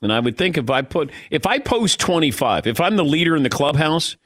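Lively wry male radio host. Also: a little high, brisk. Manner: lively, wry, self-deprecating. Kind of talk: casual radio banter and live ad reads. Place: radio studio. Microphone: studio microphone.

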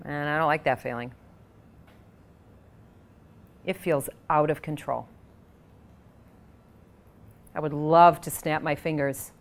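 A woman with a fairly low voice leads a guided tapping session. She speaks calmly and at a measured pace. She guides the listener's breathing with audible sighs.

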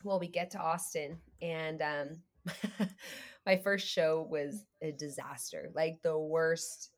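Female guest, lowish voice, animated storyteller who acts out quotes. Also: slow pace. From United States. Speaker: guest, creative entrepreneur. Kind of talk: faith podcast conversation.

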